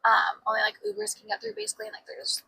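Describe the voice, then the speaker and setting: A woman's voice: very high-pitched, sing-song, rapid-fire, vocal fry, sharp tone, poor audio. A young woman co-hosting a podcast, telling a story in casual chat, full of "like" and swearing freely. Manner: chatty storyteller, heavy use of "like", swears freely. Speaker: podcast co-host.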